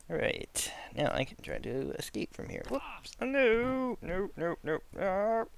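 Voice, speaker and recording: A man narrating his own game playthrough as a let's play host, excitable, yelping and laughing at what happens on screen. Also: high-pitched, creaky. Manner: excitable, yelps and laughs at the action. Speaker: gaming channel host.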